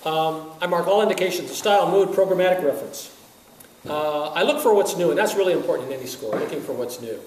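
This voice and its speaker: A man's voice: on the high side, quick pace. A man, a wind band conductor, lecturing music teachers and firing off rhetorical questions with frequent chuckles. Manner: animated, asks many rhetorical questions; chuckles often. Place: lecture room at a teaching workshop. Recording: echoey room, heard from a distance, faint hiss.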